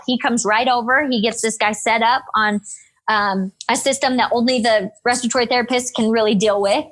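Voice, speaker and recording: A woman in her thirties, a nurse and podcast guest, telling a story in an energetic, upbeat, animated way. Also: on the high side, fairly quick. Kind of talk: casual storytelling interview.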